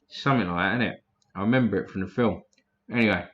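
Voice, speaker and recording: A man's voice: fairly low pitch, quick pace, fairly bright tone, muffled recording. A man hosting a casual livestream, reading chat names aloud in a blunt, profane way.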